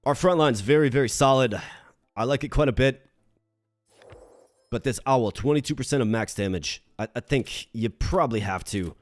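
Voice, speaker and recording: Minnesota guy streaming, mid pitched voice, gets loud and bouncy thanking chat then mutters low over his moves. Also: normal speed, dry recording, soft background music. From Minnesota, United States. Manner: animated when greeting chat, low and muttering while planning moves. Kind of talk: live-streamed game commentary.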